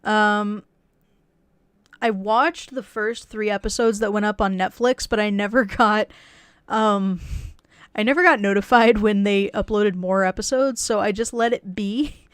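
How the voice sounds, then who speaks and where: A woman voice actress chatting casually on a livestream, rambling with frequent restarts and soft laughs. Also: medium pitch, fairly even intonation, measured pace, smooth, no room sound, clean studio sound. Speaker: voice actress and streamer.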